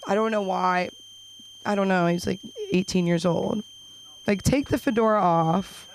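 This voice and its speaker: Her voice is medium-pitched and creaky as she performs stand-up at an open mic in a small club. The young woman rambles, piling on fast jokes at her own expense, over faint room noise in a rough recording.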